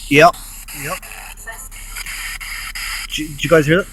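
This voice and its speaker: A man with a somewhat high-pitched voice speaks in casual on-location commentary as a paranormal investigator. He calls out questions, then repeats and explains what he believes was said back to him. A faint hiss sits under the recording. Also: steady tone, unhurried.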